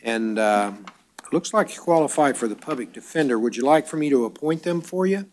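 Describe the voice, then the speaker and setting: A man presiding as judge at a court bond hearing, reading charges briskly and dropping dry wisecracks. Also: medium pitch, animated, darkish tone.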